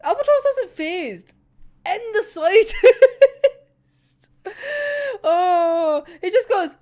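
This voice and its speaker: Woman rambling through a manga chapter, unhurried, laughing lots, swears a ton. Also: very high-pitched. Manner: giggly, sweary, animated storytelling. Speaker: manga reaction vlogger. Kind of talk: casual chatty recap.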